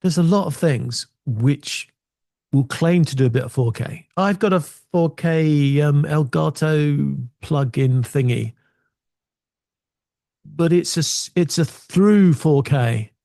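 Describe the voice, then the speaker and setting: Gravelly, mellow man with wry opinions. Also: fairly high pitch, takes it slowly, no room sound, clean studio sound. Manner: wry, opinionated, chatty asides. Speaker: video tech presenter. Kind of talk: casual opinionated talk to camera. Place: small home studio.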